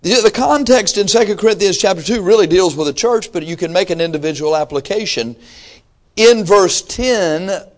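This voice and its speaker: A man preaching a sermon emphatically, swinging from low asides to shouted exhortation, reading scripture aloud and acting out his listeners' excuses. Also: moderate pace.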